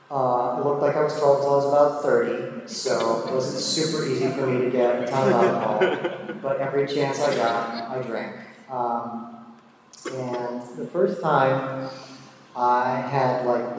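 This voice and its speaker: A man's voice: medium pitch, background noise. A man in his thirties or older telling a personal story in a casual, self-deprecating way, with many fillers. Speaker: speaker sharing his drinking story. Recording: echoey hall from far off.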